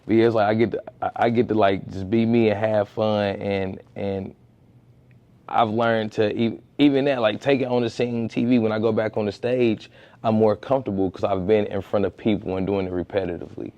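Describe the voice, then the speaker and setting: Laid-back man with a dark low voice. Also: fairly quick, no room sound, dull audio. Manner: animated storyteller, acts out quotes in a high voice, many restarts. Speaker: comedian and street-interview content creator. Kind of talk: casual podcast interview. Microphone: podcast studio mic.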